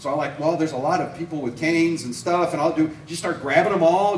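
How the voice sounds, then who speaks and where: A man preaching a sermon as an evangelist, telling stories with lively acted-out quotes. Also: a little high, quick pace, few pauses, echoey room, far from the mic, a little hiss or hum, poor audio. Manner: animated storytelling with acted-out quotes. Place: church sanctuary.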